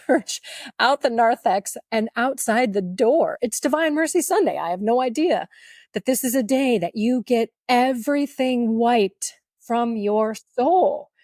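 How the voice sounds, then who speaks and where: A woman guest on a podcast, telling her story in an animated, humorous and emotional way. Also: fairly high pitch, no echo, studio quality. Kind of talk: storytelling testimony.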